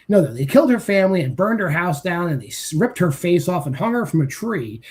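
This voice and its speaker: A man's voice: high voice, big pitch swings, fairly quick, hardly any pauses, darkish tone. A man co-hosting a casual horror movie review, ranting with exasperated profanity. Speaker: podcast co-host.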